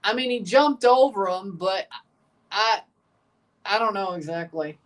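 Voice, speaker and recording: Guy yelling at a soccer match on his stream, fed up and excitable, a bit far from the mic. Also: high voice, measured pace. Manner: excitable, exasperated, bursts into shouts. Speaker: watchalong streamer. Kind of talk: live match reaction commentary.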